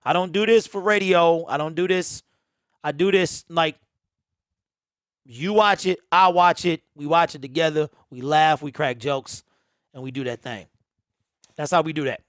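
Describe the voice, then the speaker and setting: A laid-back man with a fairly high voice hosts a live watch-party stream, answering viewer comments in a loose, chatty way. The sound is dry and close, with no room echo. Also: a little slow, long pauses, smooth. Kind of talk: casual live commentary over a game.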